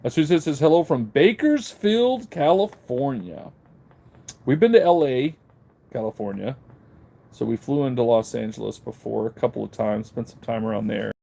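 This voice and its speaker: Still a bit numb in the mouth after dental work, a middle-aged man chats casually on his live online auction stream, reading comments and greeting viewers by name. He records on a handheld phone camera, and his voice is medium-pitched and warm, with lively intonation, a moderate pace, and vocal fry.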